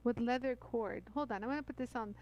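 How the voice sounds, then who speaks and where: A woman's voice: fairly high pitch, fast talker, a little mellow, highs cut off. A middle-aged woman hosting a live-stream jewelry tool demo, bubbly and chatty, full of fillers and calling out to viewers. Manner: bubbly, chatty, many fillers, addresses viewers as "you guys".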